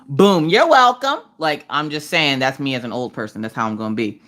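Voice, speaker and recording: A woman's voice: expressive, fast, few pauses, fairly bright tone. A woman, chatting casually and joking on a crafting live stream while she works. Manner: joking, self-deprecating, jumps into high squeaky voices to greet viewers. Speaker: livestream host doing diamond painting.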